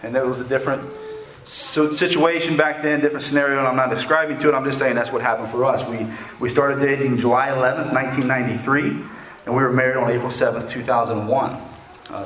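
Guest-preaching in a church sanctuary, a man in his forties shares a personal story with folksy humor, frequently checking in with "okay?". His mid-range voice is fairly bright, and the echoey church recording carries slight background noise.

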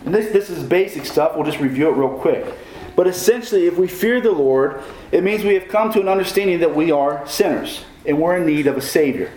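A man's voice: on the high side, animated, fairly quick, a little mellow, a little hiss or hum. Man preaching in an echoey room. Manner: preaching with questions to the congregation. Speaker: pastor. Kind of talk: sermon.

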